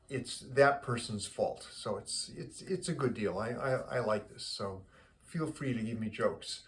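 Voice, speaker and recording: Brief: easygoing male joke teller, halting and chatty, medium voice. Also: medium pitch. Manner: halting, repeats words, relaxed. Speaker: joke teller, show host. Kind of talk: casual joke telling.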